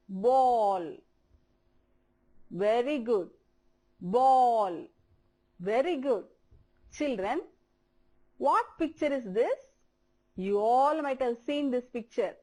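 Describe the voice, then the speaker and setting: Children watching a televised primary English lesson hear a woman teacher with an Indian English accent speak slowly and repeat words for them to copy. Her voice is high-pitched, expressive and warm in tone.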